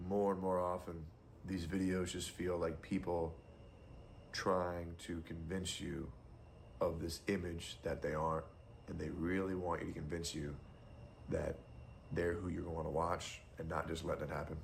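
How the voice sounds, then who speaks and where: A man's voice: sits low, flat delivery, unhurried, vocal fry, slight background noise. A young adult man streamer giving casual, blunt and profane commentary.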